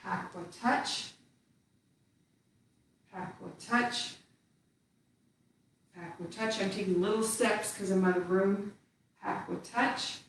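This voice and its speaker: A woman teaching tai chi, giving calm cues while she moves through the form. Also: mid-range voice, creaky, distant mic, a little hiss or hum. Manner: calm, slow cues spoken while moving. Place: indoor room with little space. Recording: very echoey room, voice away from the mic.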